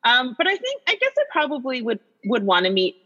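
A woman in her fifties chatting as a podcast guest, an animated storyteller who swears freely. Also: sits high, fairly quick, muffled recording. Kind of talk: casual chat.

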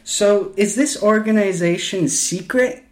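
A man's voice: high-pitched, measured pace, a little mellow. A man co-hosting a casual film-review podcast, tossing in dry joking asides. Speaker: podcast co-host. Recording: echoey room.

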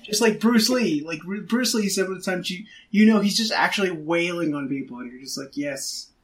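A man's voice: high voice, lively intonation, brisk, poor audio. Laid-back man co-hosting a podcast. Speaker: podcast co-host. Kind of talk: casual movie review chat.

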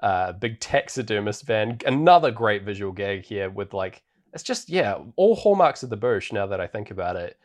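A man with a fairly low voice talks through a film's plot for a podcast. His delivery is loose and chatty, with frequent ums and restarts as he goes. Nothing about it is scripted. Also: moderate pace. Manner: rambling, relaxed, heavy on fillers. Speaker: podcast co-host. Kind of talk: casual film recap chat. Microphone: podcast microphone.

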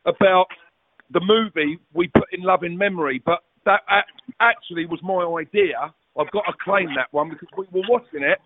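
A man's voice: high voice, normal speed, very noisy. A middle-aged man, telling rambling stories as a guest, with swearing and restarts. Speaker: guest, former footballer. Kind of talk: casual storytelling chat. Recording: tinny phone-like audio, dry.

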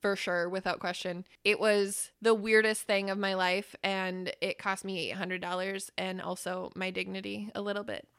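Podcast host, female, bright voice, dry close sound, animated and profane. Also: medium pitch, normal speed, hardly any pauses, clean tone, dry recording. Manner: animated, swearing, emphatic. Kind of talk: casual podcast chat.

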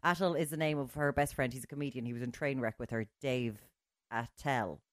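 A woman, a radio co-host chatting casually, lively, teasing and self-mocking. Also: a bass voice, a little fast, no room sound, clean studio sound. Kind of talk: casual chat.

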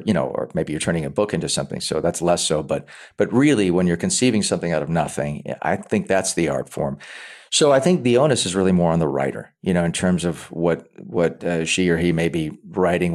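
A man's voice: low-pitched, a little mellow. A man, an actor, talking casually in an interview, often repeating words as he restarts and acting out quoted lines. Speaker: actor guest.

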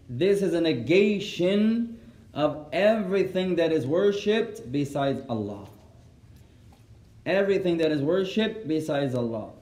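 A man with a slightly raised voice leads a class, patient and instructive. He repeats each phrase slowly for students to copy down and translates it line by line. The sound is roomy, with a clear echo. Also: sits high, a little mellow. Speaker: teacher. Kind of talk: classroom lesson, dictating for memorisation.

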